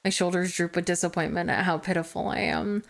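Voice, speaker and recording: A woman streamer reading a visual novel aloud, narrating in first person with expressive, self-mocking asides. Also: on the low side, a little fast, creaky.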